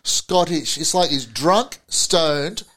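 Brash, laughing British man, higher voice. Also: animated, slow pace, a bit bright. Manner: swears freely, laughs often. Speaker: podcast co-host. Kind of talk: casual banter.

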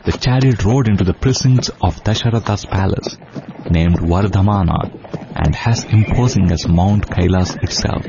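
A man narrating an epic tale in a measured, solemn, steady manner. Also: low voice, vocal fry, noisy background. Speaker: storyteller. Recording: dull lo-fi audio. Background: faint sitar music.

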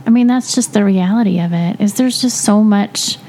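A woman co-hosting a faith discussion, reflective, slow and earnest. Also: medium pitch, dark tone, slight background noise.

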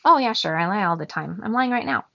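A woman's voice: mid-range voice, expressive, fast, vocal fry, a bit bright, no echo, dull audio. A woman reading aloud who voices a dramatic, self-pitying and smug talking AI device from a children's storybook. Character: whiny boastful talking AI gadget.

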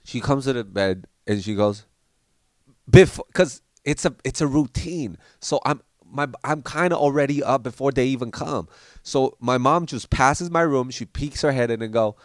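Man telling lively childhood stories, dry sound. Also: mid-range voice, moderate pace, smooth, no echo. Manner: animated, acts out family members while telling stories. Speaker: podcast storyteller. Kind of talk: casual storytelling.

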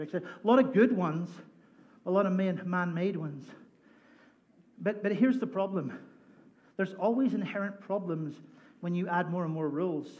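A male pastor with a fairly high voice preaches a lively sermon. He tells stories with humor and slips into voices for the people in them. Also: dull audio. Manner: animated, jokey, acts out voices in his stories. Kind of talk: sermon with storytelling. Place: church sanctuary.

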